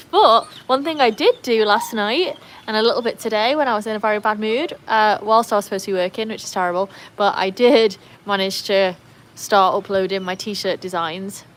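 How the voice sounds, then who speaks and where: A British woman hosting a casual livestream by her backyard pool, chatting and laughing often, cooing at her dogs in a high voice. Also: fairly quick, hardly any pauses. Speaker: livestream host.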